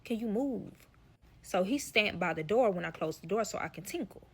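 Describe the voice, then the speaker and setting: A woman's voice: fairly low pitch, a little fast, breathy edge. Profane woman telling a wild story. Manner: profane, animated storytelling addressing the audience. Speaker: storyteller guest. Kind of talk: casual story time.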